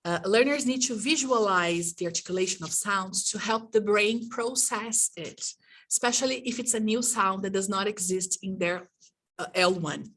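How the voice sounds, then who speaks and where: A woman's voice: medium pitch, moderate pace, fairly bright tone, distant mic. A woman teacher trainer leading an online workshop, demonstrating and exaggerating mouth sounds in an encouraging way, heard over a video call.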